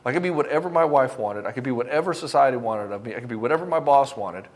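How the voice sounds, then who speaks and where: A man's voice: mid-range voice, lively intonation, quick pace. A middle-aged man coaching divorced men, speaking bluntly and passionately with frequent swearing, sometimes acting out both sides of a conversation. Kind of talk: direct-to-camera motivational talk.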